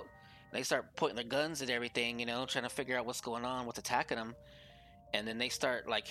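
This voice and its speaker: A man's voice: medium pitch, sharp tone. A man telling a spooky story on a podcast over a voice call, rambling and filling his talk with "like". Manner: rambling, heavy use of "like". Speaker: podcast guest. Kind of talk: casual storytelling. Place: remote call over Discord.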